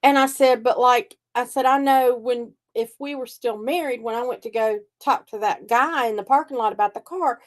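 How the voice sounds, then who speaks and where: Pitched on the high side, this older woman talks at a moderate pace with hardly any pauses. A psychic reader and host, she spins stories in casual conversation and animatedly performs the voices of those she quotes.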